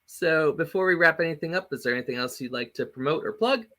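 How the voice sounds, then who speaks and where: A man hosting a casual online interview show, lively and jokey with quick asides. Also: a little high. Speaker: host.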